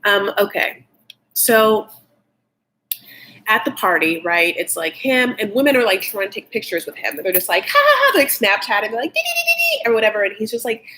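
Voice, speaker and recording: A woman's voice: medium pitch, moderate pace, bright, forceful tone, a little hiss or hum. Female host for a live recap stream; chatty, gossipy, sarcastic, filler-heavy delivery. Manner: sarcastic asides. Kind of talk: live show recap chat.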